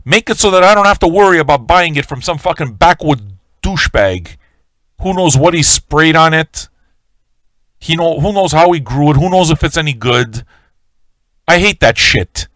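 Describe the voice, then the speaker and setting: Profane, animated man ranting on stream. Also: on the high side, moderate pace, no room sound. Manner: swaggering, profane, talks straight to viewers. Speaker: livestream radio host. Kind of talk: profane live-stream rant.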